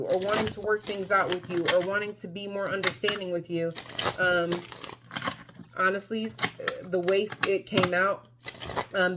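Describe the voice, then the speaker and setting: A woman with a somewhat low voice reads tarot cards for her viewers in a casual, chatty way. She talks with emphasis, often breaking off and restarting her sentences. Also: heavy background noise. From Mexico. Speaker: tarot reader. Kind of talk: casual tarot reading to camera.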